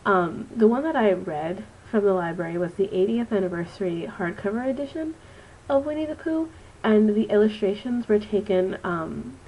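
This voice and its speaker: A woman's voice: mid-range voice, animated, moderate pace, a little mellow, a little hiss or hum, rough recording. A woman in her twenties with a stuffy, nasal voice from allergies, giving a rambling, casual book review on her vlog. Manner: chatty and rambling, with frequent ums. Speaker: student teacher reviewing a book.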